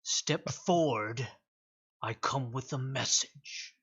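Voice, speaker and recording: Guy doing a giant dead-eyed beast, talks real slow and heavy, muffled lo-fi sound. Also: mid-range voice, a bit bright, husky, heavily acted. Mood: menacing. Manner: slow, heavy, deliberate speech. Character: huge ten-foot male beast messenger, dead-eyed and menacing.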